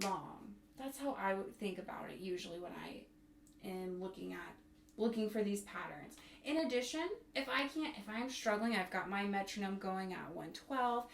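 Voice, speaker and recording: Woman bassoon teacher, mid-pitched, talks students through rhythms, roomy sound with light hiss. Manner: counts and sings rhythms aloud. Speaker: bassoon instructor. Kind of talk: music tutorial. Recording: echoey room, faint noise.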